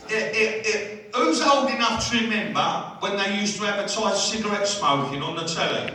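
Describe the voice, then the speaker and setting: A man's voice: very high voice, fairly even intonation, brisk, hardly any pauses, heavy reverb, far from the mic, noisy background. A man, doing a live stand-up routine and chatting with the crowd. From England. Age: 60s. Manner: chatty, keeps asking the crowd "right?". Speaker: stand-up comedian. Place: holiday village entertainment hall.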